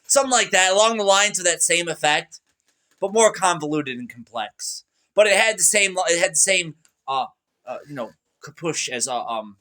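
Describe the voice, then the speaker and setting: A man's voice: sits high, animated, moderate pace, pushed and bright. A young man talking to camera in a rambling, agitated monologue, full of restarts and fillers. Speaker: vlogger.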